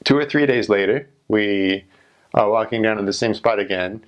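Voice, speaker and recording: A man's voice: on the low side, normal speed, muffled recording. Chatty young man spinning a story. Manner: rambling, chatty, heavy on "like" fillers. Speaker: returned missionary. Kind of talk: casual storytelling.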